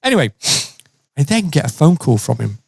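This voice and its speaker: Animated man telling a story. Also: a little high, fairly quick, vocal fry, slight background noise. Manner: animated, lively, acts out quotes and laughs often. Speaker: podcast co-host telling a story. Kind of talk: casual storytelling chat.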